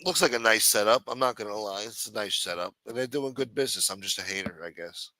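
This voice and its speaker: A man's voice: on the low side, fast talker, pushed and bright, no echo. A man hosting a late-night talk show, giving sardonic, profane commentary. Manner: sardonic, profane, mumbling asides.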